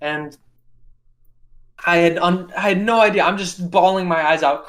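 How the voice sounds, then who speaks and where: A man's voice: high-pitched, moderate pace, long pauses, fairly bright tone. Man, podcast guest, slightly raised voice, intense repetitive storytelling. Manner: intense, repetitive retelling with vivid detail. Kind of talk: casual storytelling interview.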